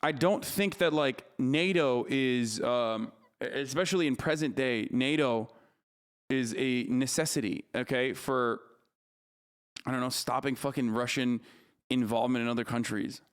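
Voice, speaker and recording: A man's voice: mid-range voice, measured pace, clear, resonant tone. A man streaming live, ranting heatedly about politics, cursing freely and answering his chat. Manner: heated, profane, argumentative. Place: streaming studio.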